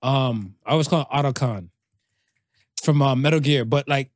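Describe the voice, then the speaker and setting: A man's voice: mid-range voice, normal speed, dry recording, studio quality. A man from Canada co-hosting a podcast in casual chat, slangy and rambling with lots of fillers and restarts. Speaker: podcast co-host.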